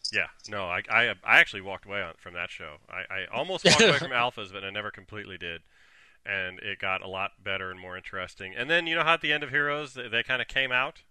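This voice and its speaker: Dude talking tv shows, smooth bright voice, dry close mic. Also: male voice, lowish voice, lively intonation, quick pace, no room sound. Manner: enthusiastic, laughs often, rundown of upcoming shows. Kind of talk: casual TV chat.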